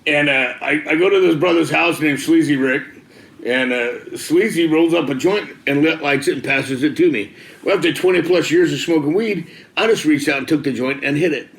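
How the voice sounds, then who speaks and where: A man's voice: a little high, moderate pace, creaky, reverberant. A man, a former biker, telling his personal testimony in a casual, slangy way.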